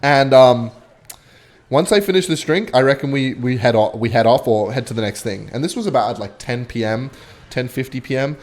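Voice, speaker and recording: A young man telling a rambling, swear-filled story while commentating his own gameplay, with sudden excited outbursts. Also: mid-range voice, fairly quick. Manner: animated, swearing, bursts of excitement while playing. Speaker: gaming vlogger.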